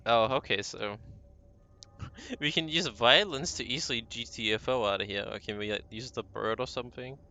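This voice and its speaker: Male streamer, joking commentary, very bright tone, playful. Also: mid-range voice, normal speed, muffled recording. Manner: joking, laughs at himself, stammers playfully. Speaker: gaming streamer. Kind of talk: let's-play commentary.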